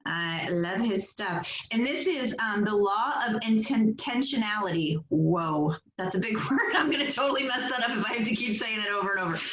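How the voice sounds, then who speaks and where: A woman's voice: fairly high pitch, a bit bright. Upbeat chatty woman leading a sales call. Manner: upbeat, chatty, laughs often, many fillers. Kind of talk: motivational team call. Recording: echoey, dull lo-fi call audio.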